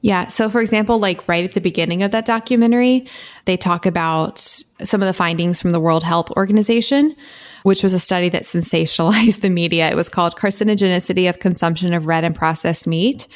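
A woman with a fairly low voice talks on a podcast. She reads her own writing aloud, earnest and impassioned, laughing lightly now and then. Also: brisk. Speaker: podcast co-host. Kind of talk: casual podcast chat, reading her own blog post aloud.

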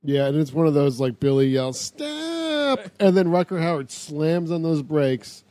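Guy on a movie podcast, slightly high voice, dry close sound, jokey asides. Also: steady tone, moderate pace, warm tone, no room sound. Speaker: podcast co-host. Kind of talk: casual movie recap chat.

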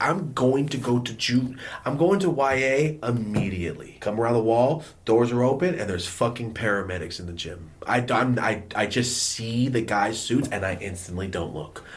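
Guy doing a storytime vlog, swears a lot, animated, drops to whispers then yells, mid pitch. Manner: animated, profane, acts out scenes with sudden whispers and shouts. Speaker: storytelling vlogger. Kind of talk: casual storytime monologue.

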